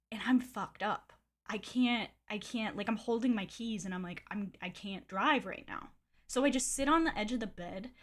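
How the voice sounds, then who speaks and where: A young adult woman streamer telling a personal story in a candid, chatty way, swearing freely and filling with "like". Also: on the high side. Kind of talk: casual storytelling.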